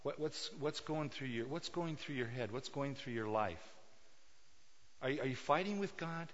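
A man's voice: medium pitch, lively intonation, normal speed. A male pastor preaching a sermon emphatically, firing rhetorical questions at his congregation. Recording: dull sound with long hall reverb.

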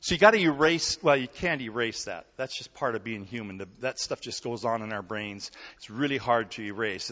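A man preaching a sermon in a relaxed, conversational way, telling stories and often checking in with his listeners. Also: medium pitch. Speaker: pastor. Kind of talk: sermon with storytelling. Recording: dull recording in a hall with long reverb.

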